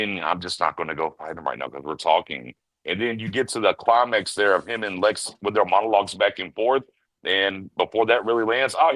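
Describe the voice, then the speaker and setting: Podcast co-host, man with a low voice, lively storyteller who slips into quick impressions, dry sound. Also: no room sound, low-quality recording. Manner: animated storyteller, mimics characters in quick bursts. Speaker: podcast co-host reviewing a film. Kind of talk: casual chat.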